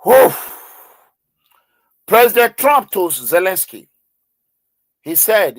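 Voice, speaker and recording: A man delivers heated online news commentary in an impassioned, pleading voice. He fills his speech with hesitations and repeats himself for emphasis. His fairly high voice is recorded close and dry. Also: big pitch swings, takes it slowly, pauses often, no room sound. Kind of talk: emotional video commentary.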